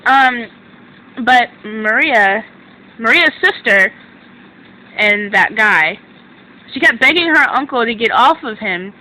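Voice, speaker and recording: A young woman recapping a TV drama in a casual chat to her webcam at home, excitable and rambling, correcting herself as she goes. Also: fairly high pitch, a little hiss or hum, poor audio. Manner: excitable, rambling, self-interrupting. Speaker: drama reviewer.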